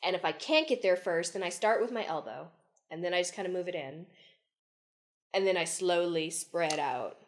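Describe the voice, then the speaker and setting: A woman's voice: fairly low pitch, normal speed. A young woman co-hosting a podcast, chatting casually in a wry, teasing way and acting out her own reactions. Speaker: podcast co-host. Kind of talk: casual chat.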